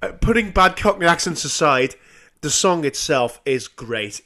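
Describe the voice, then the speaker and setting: Lively, animated man. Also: a little high, unhurried. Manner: animated, sweary, laughs easily. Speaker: podcast co-host. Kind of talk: casual music chat.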